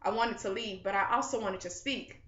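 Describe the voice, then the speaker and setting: A young woman student earnestly reading a first-person story passage aloud in a measured way for a class assignment. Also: mid-range voice, fairly bright tone. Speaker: student reader. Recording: dull, roomy recording.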